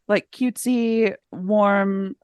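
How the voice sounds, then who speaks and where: A woman's voice: medium pitch, fairly even intonation, extremely slow, clear, resonant tone, no echo, studio quality. A woman co-hosting a podcast, chatting casually with wry humor and frequent laughs. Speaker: podcast co-host. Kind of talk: casual chat.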